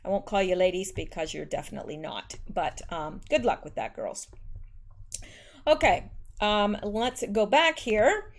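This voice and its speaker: A woman's voice: mid-range voice, animated, a little slow. Sarcastic woman reading and mocking the news. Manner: sarcastic, scornful asides between read quotes, many fillers. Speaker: political commentary channel host. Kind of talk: casual news commentary, reading articles aloud.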